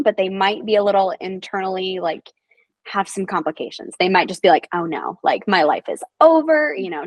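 A woman's voice: mid-range voice, dry recording, low-quality recording. A young woman, a nursing assistant guest, telling stories casually and acting out the voices of people she quotes. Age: young adult. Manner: animated, acts out quoted voices. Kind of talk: casual storytelling.

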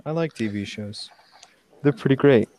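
A young man hosting a casual podcast, tossing out joking deadpan one-liners. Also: medium pitch, normal speed, slight background noise. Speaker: podcast host. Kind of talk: casual chat.

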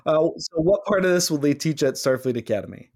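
A man hosting a casual podcast chat, animated and acting out quoted lines in mock voices. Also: on the high side, a little fast, husky. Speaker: podcast host.

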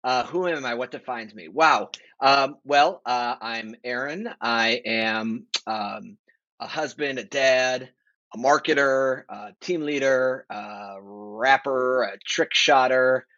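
A man in his forties, a guest on a podcast, talking in a relaxed, rambling way with lots of fillers. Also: mid-range voice, slow, no room sound. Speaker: guest, marketing executive. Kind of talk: casual podcast interview. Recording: dry, dull lo-fi sound.

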